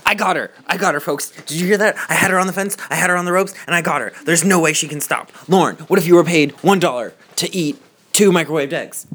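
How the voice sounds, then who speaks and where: A man's voice: a little high, quick pace, fairly bright tone, breathy edge. A man hosting a casual podcast, talking in a mock-outraged, theatrical way and swearing often. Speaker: podcast host. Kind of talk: casual joking podcast banter. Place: cold house.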